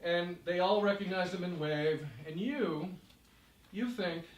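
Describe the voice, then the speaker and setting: A man performing a live story in second person, narrating in a vivid, measured way to an audience. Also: high voice. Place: stage in a hall. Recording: echoey room, voice from far off.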